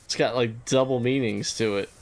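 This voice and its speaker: A man streaming a game and chatting casually with his viewers, laughing often and thinking out loud. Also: mid-range voice, fairly even intonation, moderate pace. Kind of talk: casual gaming stream chat.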